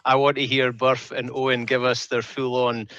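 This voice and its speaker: A man's voice: mid-range voice, little pitch movement, moderate pace, bright, forceful tone. A man, chatting as a guest on a casual panel podcast. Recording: dry muffled remote line.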